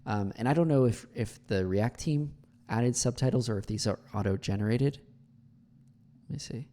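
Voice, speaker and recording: A man who teaches English comments on a video clip, explaining pronunciation in a relaxed manner with plenty of fillers and slow demonstrations of words. His voice is mid-range.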